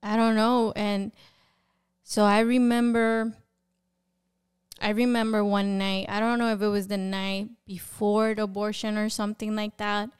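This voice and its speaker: A woman speaks as a podcast guest, giving a candid personal testimony of faith. Her voice is strikingly clear and smooth, at a middle pitch. She tells her story openly, peppering it with "you know.". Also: level tone, measured pace.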